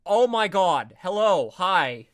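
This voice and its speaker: A man's voice: high-pitched, slight background noise. A man hosting a let's play who chats casually and animatedly with a guest. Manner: animated, quick to laugh. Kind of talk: casual gameplay chat.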